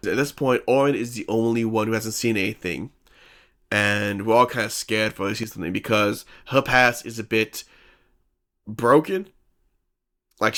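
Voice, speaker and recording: A man with a lowish, slightly bright voice casually recaps a tabletop role-playing session. He rambles, restarts often and throws in playful sound effects.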